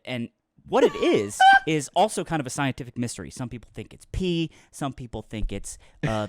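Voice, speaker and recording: A man's voice: medium pitch, slight background noise. A man co-hosting a comedic podcast, spinning a rambling mock-news story and laughing through his own lines, on a close mic. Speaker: podcast co-host. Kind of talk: casual comedic podcast chat.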